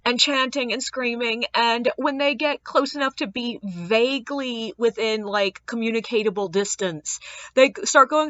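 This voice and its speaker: A woman ghost tour guide tells a casual story, throwing herself into the people she quotes with sudden leaps in pitch. Her voice sits a bit high and comes across bright and forceful. The recording is dry and close but a little dull and muffled. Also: moderate pace, dry recording. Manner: animated, acts out quoted people with big pitch jumps.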